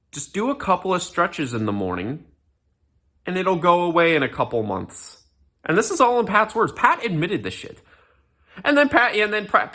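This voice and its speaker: A man's voice: on the high side, a bit bright. A young man ranting in casual commentary, sarcastic and profane, mocking with lots of fillers and restarts. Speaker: commentary ranter.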